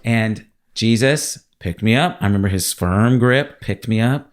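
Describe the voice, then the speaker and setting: A man's voice: fairly low pitch, a little slow, a little hiss or hum. A man sharing an emotional personal testimony as a guest, telling his story with laughter and acted-out quotes.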